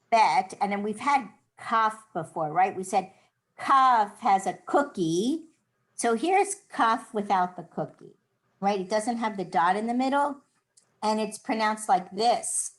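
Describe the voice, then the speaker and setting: A woman's voice: medium pitch, expressive, a little slow, low-quality recording. A middle-aged American woman teaching a Hebrew class, patiently explaining and demonstrating sounds. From United States. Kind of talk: online class lesson.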